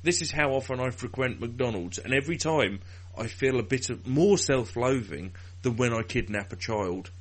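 A man co-hosting a casual podcast, joking deadpan and rambling through anecdotes. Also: medium pitch, moderate pace. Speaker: podcast co-host.

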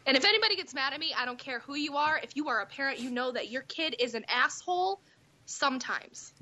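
Woman, 30s, high-pitched, crisp and bright, profane animated storyteller, dull muffled recording. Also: fast. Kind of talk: casual chat. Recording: muffled lo-fi audio.

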